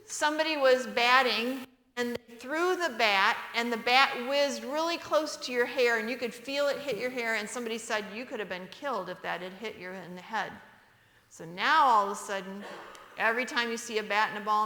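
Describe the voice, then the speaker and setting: A woman's voice: on the high side, sharp tone. A woman giving a sermon in a church, often asking the audience questions, in an echoey church hall. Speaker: church speaker.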